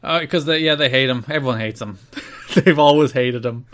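A man's voice: mid-range voice, moderate pace, a bit bright. Rambling sarcastic man on a podcast. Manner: rambling, sarcastic, laughs often. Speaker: podcast co-host. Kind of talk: casual podcast chat.

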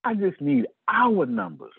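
A middle-aged man giving an animated business pep talk to his team, acting out conversations in shifting voices. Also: high voice, a little slow, breathy edge, dry recording, narrow, tinny audio.

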